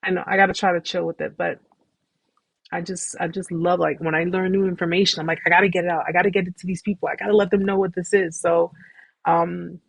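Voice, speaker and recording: A woman hosting a live stream, talking casually and at length, warmly repeating reassurances to her viewers. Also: on the low side, level tone, quick pace, vocal fry, husky, no room sound. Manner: warm, effusive, repetitive reassurance; talkative, rambling with restarts. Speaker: host of a support live stream.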